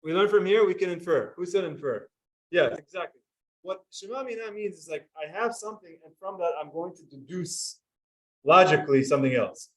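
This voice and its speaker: High-voiced man teaching a class. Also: lively intonation, a little fast, distant mic, rough recording. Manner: explanatory, asks students questions. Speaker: Talmud teacher. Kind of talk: classroom Talmud lesson.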